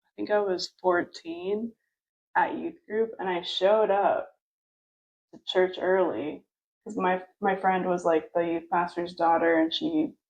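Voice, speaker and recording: A woman's voice: lowish voice, fairly even intonation, measured pace, creaky, a little mellow, lo-fi sound. A woman telling a story in a casual chat, rambling with lots of fillers and laughter. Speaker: podcast co-host.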